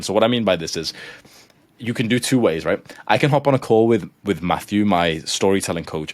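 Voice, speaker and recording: A man's voice: low voice, no room sound. A man coaching a class, talking casually with lots of fillers and getting heated and swearing as he pushes his point. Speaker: coach lecturing students. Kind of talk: live lecture.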